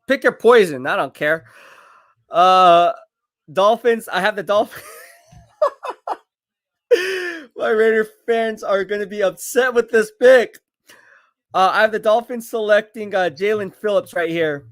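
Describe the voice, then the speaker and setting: High-voiced man laughing through live commentary. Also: no room sound, studio quality. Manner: laughing, boastful, quick bursts of excitement. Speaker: live stream host. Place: home live stream.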